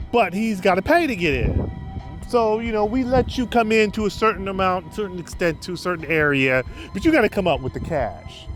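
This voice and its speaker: Rambling animated man telling stories. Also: high voice. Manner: rambling, many fillers and restarts, lively swings. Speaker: storyteller vlogger. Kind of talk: casual anecdote storytelling.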